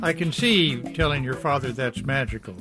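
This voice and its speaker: A man's voice: mid-range voice, brisk, loud music behind the voice. A man hosting an interview, polite and formal. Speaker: radio host.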